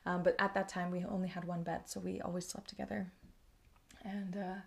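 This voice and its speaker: A woman's voice: lowish voice, little pitch movement, fairly quick, gravelly. A woman hosting a podcast, talking through personal experiences in a reflective, conversational monologue that often checks in with the listener. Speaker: podcast host.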